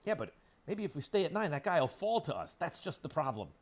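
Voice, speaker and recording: A man's voice: on the high side, very animated, quick pace. A man hosting sports talk radio, ranting with sarcasm and heat. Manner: emphatic, sarcastic, heated.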